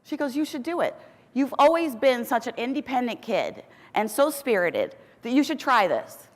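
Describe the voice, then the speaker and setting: Middle-aged American woman, keynote storyteller, animated and a bit high, big hall reverb. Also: normal speed. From United States. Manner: humorous, lively storytelling. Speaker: keynote speaker. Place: large conference hall. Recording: long reverb of a large hall.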